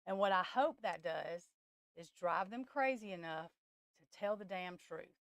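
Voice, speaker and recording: Woman streamer, smooth voice, dry sound, rambling, blunt and emotional. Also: lowish voice, measured pace, no echo. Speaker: tarot reader hosting a live stream. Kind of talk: casual live-stream chat.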